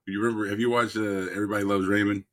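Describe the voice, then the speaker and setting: A man's voice: fairly low pitch, flat delivery, very fast, fairly bright tone. A man in casual chat, rambling and profane, retelling TV scenes with laughs between his lines. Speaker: podcast co-host.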